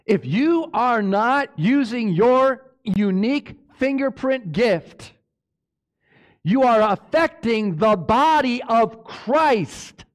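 A man with a high-pitched voice preaches from the pulpit. He delivers his sermon emphatically and keeps turning to the congregation with a questioning "amen?". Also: lively intonation, takes it slowly. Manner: emphatic, asks the congregation for amens. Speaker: pastor.

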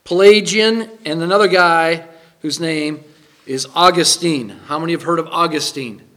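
A man's voice: on the high side, steady tone, moderate pace, pushed and bright. A man preaching a sermon as pastor, emphatic, putting questions to the congregation.

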